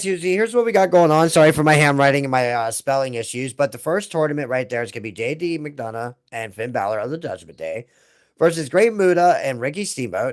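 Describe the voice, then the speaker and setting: Chatty rambling man hosting a vlog. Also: fairly high pitch. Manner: chatty, rambling, casual swearing, many fillers. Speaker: host. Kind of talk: casual tabletop wrestling draw vlog.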